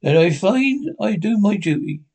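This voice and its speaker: A man's voice: animated, normal speed, a little mellow. A man doing a stern, blunt sea captain. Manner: blunt, formal, raised pitch. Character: gruff, stern older male ship captain. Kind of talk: audiobook character reading.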